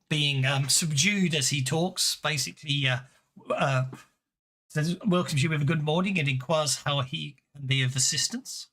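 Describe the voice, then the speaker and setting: A man narrating as game master in a tabletop game, halting with many fillers. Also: on the high side, a bit bright.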